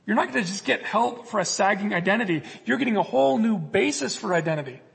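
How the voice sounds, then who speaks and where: A man's voice: high-pitched, animated, fast talker, vocal fry, fairly bright tone, slightly rough, long reverb tail. A man preaching a sermon as a pastor, earnest, acting out prayers and God's replies in the quotes.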